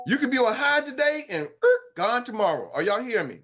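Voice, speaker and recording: A man hosting a morning sales-training call as coach, talking in an animated, hyped and slangy way with quick asides. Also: extremely high pitch, faint music behind. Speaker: sales coach and show host. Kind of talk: energetic motivational team talk.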